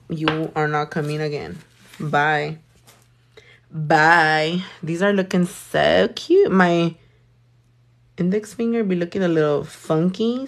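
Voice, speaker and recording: A woman's voice: on the low side, creaky. A young woman doing her nails while chatting with live viewers, blunt and sassy, swearing often. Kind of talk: casual chat with live viewers.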